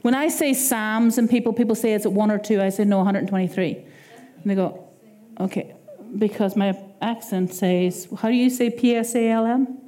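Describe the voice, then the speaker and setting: Irish woman preacher, higher-pitched, warm mellow voice, chatty sermon delivery. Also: moderate pace. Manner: animated, conversational preaching with quoted asides.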